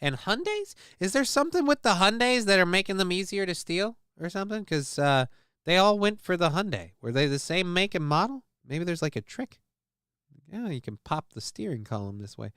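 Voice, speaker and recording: A man's voice: high-pitched, sing-song, moderate pace, fairly bright tone, clear, resonant tone, no echo, studio quality. A man hosting a casual news show, reading stories aloud and riffing on them with irreverent, profane asides. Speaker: show host.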